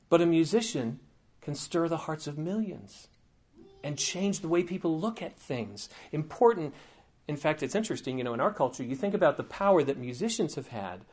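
A man giving a conversational teaching sermon, informal and digressive, with frequent asides and light humor. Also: fairly high pitch.

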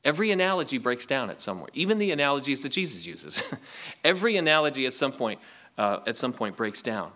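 A man's voice: medium pitch, sing-song, fast talker, bright, forceful tone. A man preaching a sermon, reading scripture aloud and asking the congregation rhetorical questions in a conversational way. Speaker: pastor.

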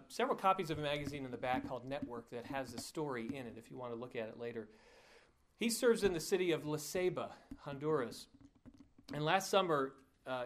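Telling a story to his congregation, a male pastor with a voice on the high side preaches in a loose, conversational style. He keeps starting phrases over and dropping in fillers, now and then laughing at his own side comments, over slight background noise.

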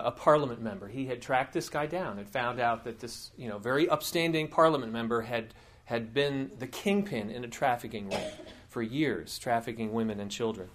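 A man preaching a sermon as a teaching elder, telling a story earnestly with many fillers and restarts. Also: mid-range voice. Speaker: pastor.

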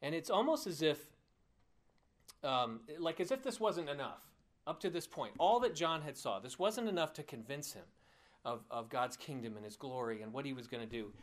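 A pastor preaching a sermon, telling a personal story in an earnest, heartfelt way. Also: male voice, a little high, big pitch swings, normal speed.

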